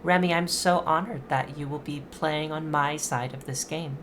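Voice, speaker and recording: A woman voicing a gracious grown witch who hosts a game, speaking politely and in a measured way. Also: low voice, steady tone, noisy background, lightly acted. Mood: courteous. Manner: polite, measured, soft-spoken.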